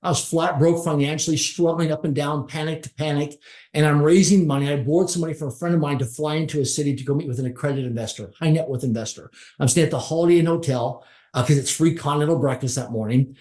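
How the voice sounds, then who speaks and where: A middle-aged man, pitched a little high, tells a motivational story as a podcast guest. His steady, darkish-toned delivery is fast and emphatic, piling up short repeated phrases, and a roomy echo surrounds his voice.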